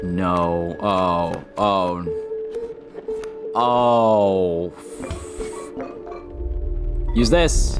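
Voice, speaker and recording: Let's-play host, man, deep voice, thinks aloud, excitable, swears, game music under him. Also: very slow, long pauses. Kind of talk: casual gameplay commentary.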